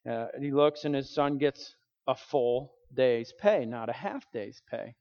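A man's voice: medium pitch, a little slow, darkish tone. A man preaching in a conversational way, telling a family story and acting out the people in it. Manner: conversational, acts out quoted voices. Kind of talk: storytelling sermon. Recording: dull sound with long hall reverb.

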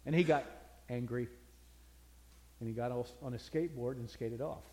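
A man's voice: medium pitch, normal speed, a little mellow. Brief: older male pastor, folksy storytelling sermon, echoing hall.

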